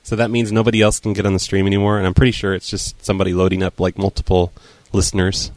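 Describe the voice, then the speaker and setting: A man's voice: low voice, flat delivery, fast, a little mellow, no echo. A man hosting an internet radio chat show, laid-back and joking. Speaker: show host.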